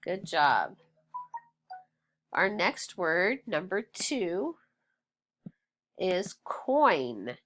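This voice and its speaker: A woman teaching phonics, who sounds out words slowly and patiently and praises the learner. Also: lowish voice, big pitch swings, fairly bright tone. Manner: patient, encouraging, stretches sounds out. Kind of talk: slow, clear phonics drill.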